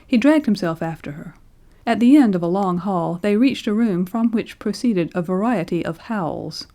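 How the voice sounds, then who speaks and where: A woman narrating a classic audiobook in a measured, expressive way. Her voice is mellow and warm, at an average pitch for a woman. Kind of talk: scripted literary narration.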